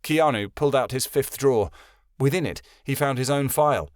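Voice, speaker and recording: A man narrating a fantasy audiobook in a steady storytelling voice. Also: medium pitch, fairly quick, no room sound, clean studio sound. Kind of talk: scripted narration.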